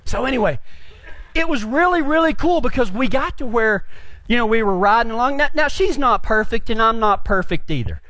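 A married man preaching a humorous story-driven sermon, animated and self-deprecating, acting out the conversations he recounts. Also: very high-pitched, brisk, no room sound. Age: adult, married. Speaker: pastor.

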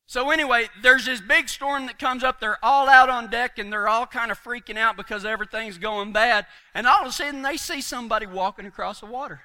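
A man's voice: very high-pitched, brisk, few pauses, bright, forceful tone. A man preaching a folksy sermon, telling stories with homespun humor and chuckles.

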